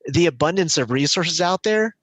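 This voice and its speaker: A man speaking as a guest on an interview podcast, reflective, with frequent restarts, growing lively when he tells stories. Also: on the high side, normal speed, no echo, poor audio. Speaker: business finance coach as podcast guest. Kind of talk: casual interview storytelling.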